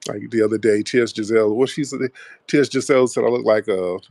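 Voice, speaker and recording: A man's voice: lowish voice, fairly even intonation, quick pace, darkish tone, no echo. A man hosting a call-in talk show, laughing and cursing as he mocks what he talks about. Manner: laughing, profane, mocking. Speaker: show host.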